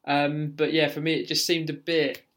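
A man's voice: fairly high pitch, level tone, moderate pace, fairly bright tone. A man co-hosting a casual film podcast, chatty and casually swearing. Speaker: podcast co-host.

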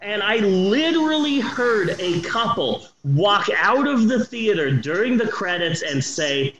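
A man's voice: high-pitched, a little slow, hardly any pauses, echoey room, slight background noise, poor audio. A man in his forties casually reviewing a movie on a podcast, swearing often and talking with eager enthusiasm. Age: 40s. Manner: animated, swears a lot, enthusiastic.

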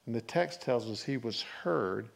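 Preacher swinging loud to hushed. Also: male voice, medium pitch, lively intonation, a little slow, vocal fry. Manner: conversational preaching, asks the congregation questions, swings between loud and hushed. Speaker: pastor. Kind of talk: sermon.

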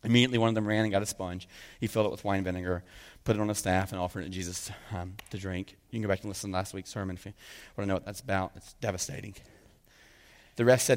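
A man preaching a sermon, swinging from hushed passages to loud, fervent peaks. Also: low-pitched, steady tone, fast. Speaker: pastor. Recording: long reverb of a large hall.

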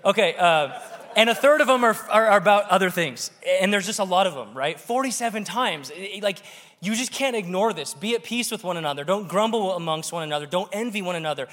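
A man preaching a sermon to a congregation, animated and joking with the audience. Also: sits high, brisk. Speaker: pastor. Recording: long reverb of a large hall.

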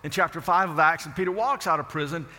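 Man, preacher, very bright tone, long hall reverb, folksy storytelling sermon. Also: fairly high pitch, fast talker. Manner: folksy storytelling, rhetorical questions.

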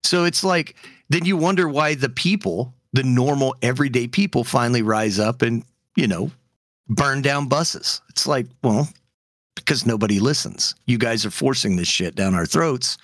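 Podcast co-host, male, mid-pitched, heated ranting delivery, lots of fillers, dry close sound. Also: normal speed, dry recording. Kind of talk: casual opinionated chat.

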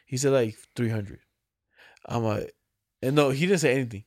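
A man's voice: mid-range voice, brisk, no room sound. A man with a mid-range voice tells stories in casual chat, acting out the back-and-forth and swearing now and then. The mic is close and dry, with no room around him. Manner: chatty storyteller, acts out quoted exchanges, swears casually.

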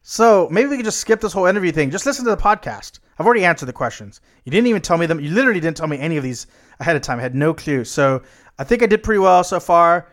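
A man's voice: fairly high pitch, animated, racing. A young American man co-hosting a podcast, chatting casually, laid-back and swearing, rambling a bit. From United States. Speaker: podcast co-host. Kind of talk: casual chat.

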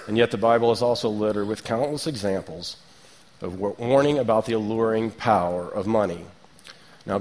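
A man in his thirties giving a sermon, relaxed and conversational, with rhetorical questions and light asides. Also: medium pitch, a little hiss or hum. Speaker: preacher.

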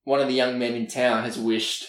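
This podcast co-host speaks at normal speed with a medium pitch, chatting casually as he walks through a TV episode. He's animated, laughs often, and voices the characters' lines, heard through a roomy, distant mic.

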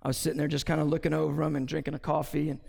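A man's voice: on the high side, monotone, racing, creaky, darkish tone. A man preaching a sermon as pastor, conversational, with anecdotes and asides, in a church sanctuary. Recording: long reverb from a large hall.

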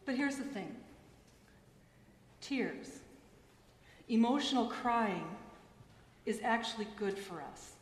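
A woman pastor and chaplain giving a gentle, earnest sermon after a gospel reading in a church. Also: fairly high pitch, animated, slow pace, long pauses, slight background noise. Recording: echoey church hall.

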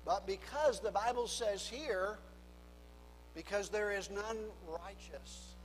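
A man preaching a sermon as a pastor, swinging between hushed low phrases and loud emphatic lines. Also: in a large hall, a little hiss or hum, poor audio. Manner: preaching with dramatic drops to a hush and rising emphasis.

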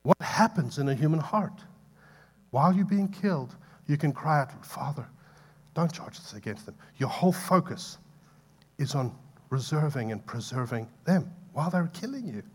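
A man's voice: fairly high pitch, very animated, normal speed, husky. Impassioned male preacher. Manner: impassioned, building to loud pleading peaks then dropping soft; conversational asides to the congregation. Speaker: pastor. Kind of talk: sermon.

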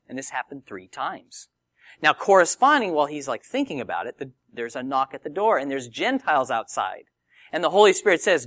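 Animated preacher man, lively voice. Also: on the high side, normal speed, no echo, clean studio sound. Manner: animated, conversational Bible teaching with acted quotes. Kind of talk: sermon.

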